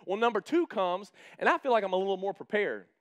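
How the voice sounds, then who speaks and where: A man's voice: sits high, lively intonation, fast talker, highs cut off. A man in his thirties preaching a casual sermon as a pastor, chatty and humorous, acting out quoted exchanges in his stories.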